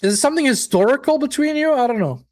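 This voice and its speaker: A man's voice: very high-pitched, lively intonation, fast, a little mellow. A man hosting a live football watchalong, chatting casually, reacting to the match and viewers' comments, with occasional swearing. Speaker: watchalong host.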